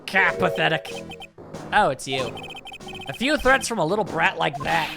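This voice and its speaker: Scornful old grump, voiced by a man, haughty, animated pitch. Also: normal speed, vocal fry, music in the background. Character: gruff older male restaurant regular, scornful.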